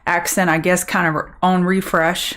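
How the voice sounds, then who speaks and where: A woman's voice: on the low side, little pitch movement, measured pace, fairly bright tone. Chatty Southern woman hosting market show. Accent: Southern US (Louisiana). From Louisiana, USA. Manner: chatty, upbeat, answers chat viewers by name. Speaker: trading show host. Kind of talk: live-stream market commentary.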